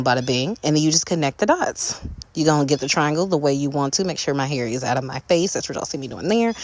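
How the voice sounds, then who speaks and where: A makeup creator walks viewers through a step-by-step tutorial, sassy, playful and chatty, often leaping up high in pitch for flourishes.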